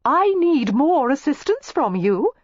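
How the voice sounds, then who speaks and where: A woman doing a shrill, giggly young society lady. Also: big pitch swings, a little slow, no room sound, highs cut off. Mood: giggly coy. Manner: shrill, trilling and coy. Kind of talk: audiobook character voice.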